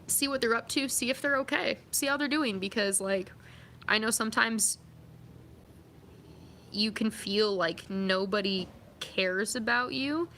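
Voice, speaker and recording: A woman's voice: on the high side, measured pace, long pauses, pushed and bright, a little hiss or hum. A young woman vlogging, chatting casually and reading out viewer comments, upbeat and full of fillers. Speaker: vlogger and athlete.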